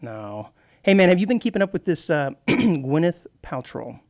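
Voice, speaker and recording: Man, radio co-host, fairly high voice, dry close sound, rambling explainer. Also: very animated, moderate pace, dry recording. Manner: explanatory, lecturing with many restarts. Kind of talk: casual radio chat. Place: radio studio.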